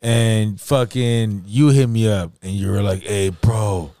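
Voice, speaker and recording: A man's voice: on the low side, unhurried, mellow, no room sound, clean studio sound. A young man, telling a profane, laughing story in casual chat and acting out the quotes. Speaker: podcast host.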